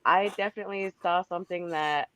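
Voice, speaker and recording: A woman's voice: on the low side, fairly even intonation, a little fast, sharp tone, smooth. A woman calling into a podcast with a sick voice, telling a story in a chatty way and laughing between sentences. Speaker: caller. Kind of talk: casual storytelling. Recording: dull lo-fi call-in line.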